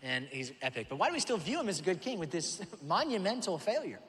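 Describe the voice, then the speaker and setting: A male pastor preaching a sermon, telling the story in an animated way and acting out voices. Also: high-pitched, quick pace, long reverb tail. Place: church auditorium.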